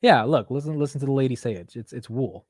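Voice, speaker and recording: A man's voice: medium pitch, fast talker, a little mellow, dry recording, clean studio sound. A young man hosting a casual stock market livestream, chatting loosely, swearing and laughing at himself while reading chat aloud.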